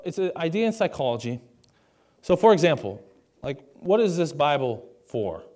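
A man's voice: a little high, very animated, moderate pace, a little mellow. A young man preaching a conversational sermon to a live congregation on a stage mic, with jokey asides and questions to the audience. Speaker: pastor.

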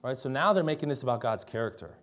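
A young man from Minnesota giving a sermon, telling a childhood story in a relaxed, conversational way and often asking "right?". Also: medium pitch, fast talker. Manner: conversational storytelling, tag questions and laughter. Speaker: pastor.

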